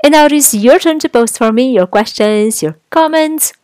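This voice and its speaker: A woman hosting a short French lesson podcast, reading a scripted lesson and pronouncing each word slowly and carefully. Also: high voice, darkish tone, no echo, poor audio. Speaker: French teacher, podcast host.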